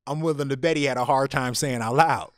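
Podcast guy, mid pitch, lively storytelling, trips over his words, dry close mic. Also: brisk, no echo. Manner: animated storyteller, frequent restarts. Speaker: podcast co-host. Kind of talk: casual podcast chat and storytelling.

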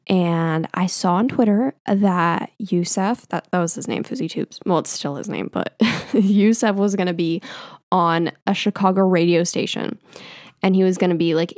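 A woman's voice: on the low side, darkish tone, no echo, clean studio sound. A young woman hosting a podcast, telling stories casually in a chatty, self-mocking way full of fillers. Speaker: podcast host. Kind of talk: casual storytelling. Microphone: podcast mic.

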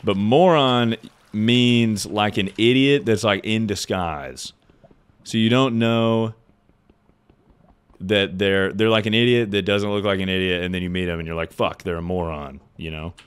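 Deep-voiced young man chatting on stream. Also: measured pace, clean tone. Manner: loose and joking, swears freely, answers chat out loud. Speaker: livestreamer playing a game and reading chat. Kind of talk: casual stream chat.

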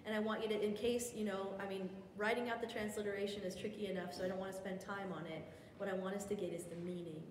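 A woman with a medium-pitched voice and fairly even intonation speaks quickly, with a slight hiss or hum. She is leading a women's Bible study in a church hall, explaining things step by step with chatty asides and corrections of herself. The echoey hall carries faint ambient noise.

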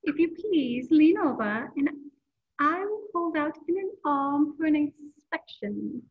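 A woman reading a storybook aloud and voicing a well-groomed, formal male monster with a high, silky voice. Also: animated, slow, recorded from a distance, heavily acted. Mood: courteous. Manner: refined and formal. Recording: tinny lo-fi phone-like audio.

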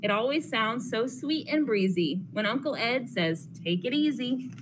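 A young woman counselor intern, reading a rhyming picture book aloud to children in a lively, sing-song way. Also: a little high, a little slow. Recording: noisy classroom recording.

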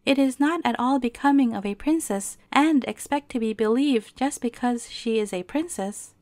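A woman's voice: high voice, animated, moderate pace, a little mellow, dry recording, studio quality. A woman reading aloud and voicing a cross, dismissive woman nurse who speaks coolly. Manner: cool, dismissive.

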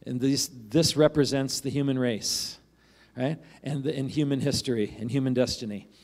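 A man's voice: mid-range voice, moderate pace, a little mellow. A man preaching a sermon as a pastor, in a conversational way, often asking "right?" and acting out the voices of the people in the passage he reads.

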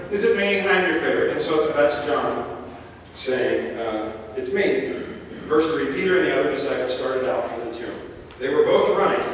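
A man's voice: mid-range voice, slight background noise. A man preaching a sermon, reading scripture aloud with casual, joking asides, recorded from a distance in an echoey hall. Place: church sanctuary. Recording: echoey hall, picked up from far off.

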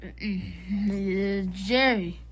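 A woman's voice: mid-range voice, drawn-out words, gravelly, slight background noise, voice pushed down. A woman voicing a drunk, dazed young male puppet who stammers and slurs in a comedy parody. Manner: slurred, stammering, forgetful.

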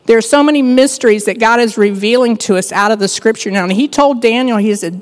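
A woman's voice: on the high side, fast, few pauses. Older woman preaching with church reverb. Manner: storytelling with humor and asides. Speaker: guest speaker. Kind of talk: sermon. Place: church sanctuary.

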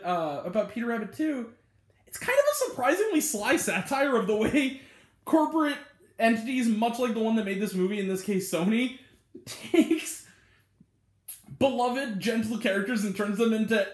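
A man with a notably high voice delivers a casual movie review for his own channel, rambling happily with lots of filler words and chuckling through the parts he retells. The recording has a roomy echo.

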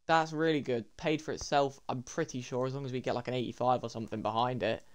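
A young man, commentating his game pack openings in an excitable way and talking to viewers as lads and boys. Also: mid-range voice, fast talker. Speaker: gaming YouTuber.

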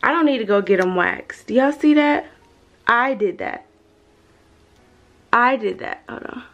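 A woman's voice: fairly high pitch, lively intonation, measured pace, a bit bright. A young woman, vlogging casually and chatting straight to her viewers in a bubbly, slangy way, recorded on a handheld phone. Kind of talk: casual vlog chat to camera.

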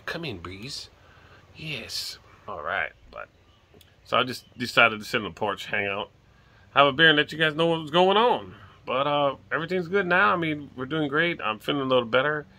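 Out on the porch of his home, a middle-aged man from Hawaii vlogs in a lowish voice that sounds pushed and bright. He carries a light lilt as he rambles casually, now and then letting a curse slip.

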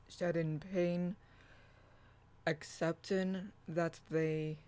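Brief: unhurried host reading their own healing affirmations, drawn-out and soothing, mid-pitched. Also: a little mellow, smooth. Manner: deliberate, soothing, repetitive affirmations. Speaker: channel host reading own blog writing. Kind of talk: slow spoken affirmation reading.

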